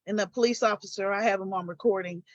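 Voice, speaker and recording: An older woman, a guest on a live stream, recounting her own story and getting animated as she retells arguments. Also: mid-range voice, quick pace, dry recording, lo-fi sound.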